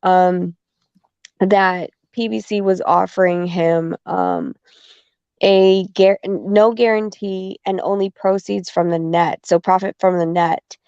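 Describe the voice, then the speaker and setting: A woman on a podcast telling a story in casual chat, animated and swearing, acting out the back-and-forth she had. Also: fairly low pitch, slow, clean tone, no echo. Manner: animated, swearing, acts out quoted exchanges. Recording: dull lo-fi dry sound.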